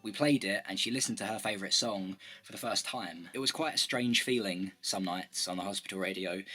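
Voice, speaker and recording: A man's voice: fairly low pitch, pushed and bright. A man giving a comic storytelling monologue in a wry, dry delivery.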